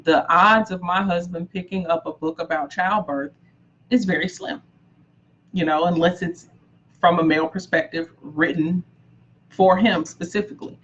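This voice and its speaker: A woman's voice: lowish voice, fairly even intonation, normal speed, highs cut off. A woman book coach giving an emphatic live-streamed coaching talk, repeating key phrases and greeting viewers by name.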